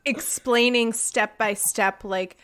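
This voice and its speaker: A woman's voice: a little high, fairly even intonation, takes it slowly, fairly bright tone, clear, resonant tone. An American woman hosting a podcast, chatting casually, laughing often and acting out characters' lines as she recaps. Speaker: podcast host. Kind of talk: casual chat.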